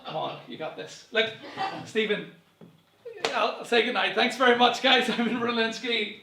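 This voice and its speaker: A man's voice: high voice, normal speed, vocal fry, bright, forceful tone, reverberant, slight background noise. A young man doing a rambling, self-deprecating stand-up set to camera from home, full of fillers and chuckles at his own jokes. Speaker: stand-up comedian.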